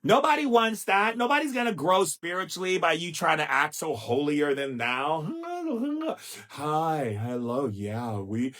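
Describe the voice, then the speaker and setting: A man's voice: a little high, expressive, a little slow, hardly any pauses, fairly bright tone. A middle-aged man talking on a live stream in a sassy, playful way, teasing his listeners with endearments and mimicking stiff, droning speakers. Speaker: spiritual teacher hosting a live stream. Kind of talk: casual live-stream monologue.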